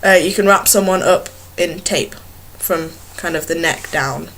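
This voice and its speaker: A woman's voice: fairly low pitch, a little slow, fairly bright tone. A young woman chatting casually to a webcam in a small bedroom, rambling and giggling at herself. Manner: rambling, giggly, self-mocking. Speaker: vlogger. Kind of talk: casual chat to camera.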